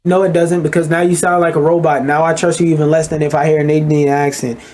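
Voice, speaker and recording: A man's voice: on the high side, level tone, quick pace, darkish tone. A man giving a blunt, profane, ranting commentary as he reacts to a video.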